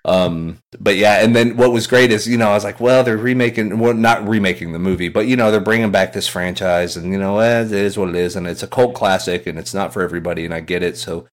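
A man co-hosting a casual podcast chat, rambling and excitable, swearing casually. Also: lowish voice, quick pace, few pauses. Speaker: podcast co-host.

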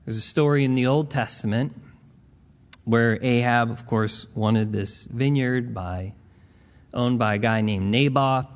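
A man's voice: medium pitch, a little slow. A man preaching a Bible teaching in a casual, conversational way, retelling scripture stories in plain modern words.

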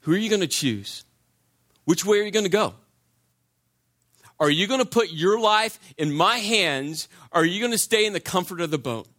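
A man's voice: high voice, lively intonation, moderate pace, long pauses, fairly bright tone, voice pushed up. A man voicing an earnest male teacher who challenges a follower with urgent rhetorical questions. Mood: pleading.

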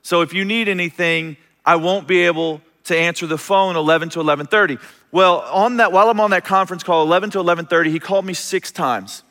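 Male pastor, high bright voice, story-driven sermon, big reverberant sanctuary. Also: fast talker. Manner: storytelling, acts out quoted voices, self-interrupting restarts. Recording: long reverb of a large hall.

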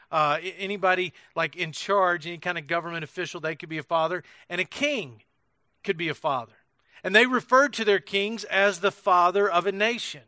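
High, bright-voiced man preaching conversationally. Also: no room sound, clean studio sound. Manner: conversational, asks the congregation questions, dramatizes quotes. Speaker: pastor. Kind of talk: sermon.

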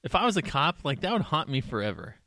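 A man's voice: fairly high pitch, sing-song, quick pace, pushed and bright, no echo, studio quality. A man in casual chat, rambling through stories and acting out the people in them. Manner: rambling, acts out quoted characters.

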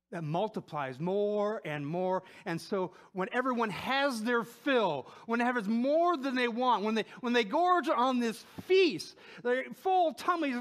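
A man preaching a sermon in a conversational way, often asking "right?", swinging between loud emphatic peaks and soft low asides. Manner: conversational, with frequent rhetorical "right?".

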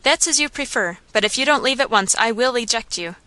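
A proud young gentleman heir, haughty and curt, with an undercurrent of unease, as a woman reads him. The voice is fairly high and bright. It sounds dry and close. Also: animated, brisk, no echo.

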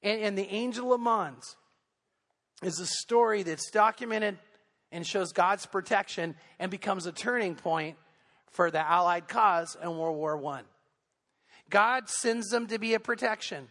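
High-voiced preacher in a reverberant church. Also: male voice, unhurried, fairly bright tone. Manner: earnest storytelling, building intensity. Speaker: pastor. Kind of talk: sermon. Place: church sanctuary.

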